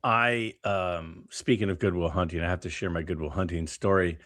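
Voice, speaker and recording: A man co-hosting a casual podcast, telling stories in an animated way with lots of fillers and restarts. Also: deep voice, normal speed, no echo, studio quality. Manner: animated, storytelling with many fillers. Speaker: podcast co-host.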